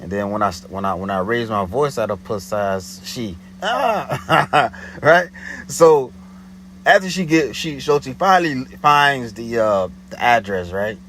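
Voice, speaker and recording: A man's voice: mid-range voice, expressive, unhurried, fairly bright tone, slight background noise, low-quality recording. A man telling a story in a casual, slangy way, often checking "you know what I'm saying".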